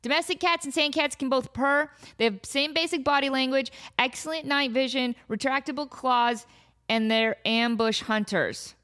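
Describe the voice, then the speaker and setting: A woman hosting a casual comedy podcast, animated and laughing often as she riffs and quotes her cat. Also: high voice, normal speed. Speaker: podcast host. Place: home in desert valley.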